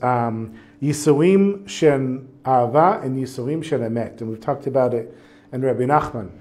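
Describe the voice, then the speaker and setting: A man teaches a religious text class. His voice sits a little high, and he reads lines aloud before turning to easygoing spoken explanation. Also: darkish tone. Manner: casual, reads Hebrew passages then translates. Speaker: Torah teacher.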